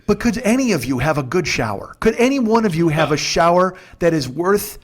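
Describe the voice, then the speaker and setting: A fairly high-voiced man in his forties works through a comic story as a podcast host. He rambles, restarts his sentences and swears his way into incredulous rants. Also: lively intonation, a little fast. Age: 40s. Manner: profane, ranting, incredulous. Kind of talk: comedic storytelling monologue.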